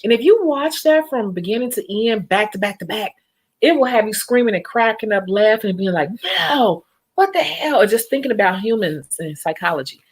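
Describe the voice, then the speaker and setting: A young woman on her home vlog, talking to her viewers in a loose, chatty way. She moves between animated asides and quick laughs. Her voice sits in an ordinary middle pitch. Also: breathy edge. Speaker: nail technician. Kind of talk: casual vlog chat with viewers.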